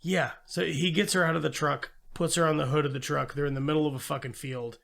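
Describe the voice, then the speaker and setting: A man with a slightly higher-than-usual pitch and a gravelly edge chats through a movie's plot in casual podcast style. He swears freely and acts out bits of dialogue as he goes. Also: fast talker. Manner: profane, animated retelling of plot with quoted voices. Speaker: podcast co-host. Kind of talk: casual movie review chat.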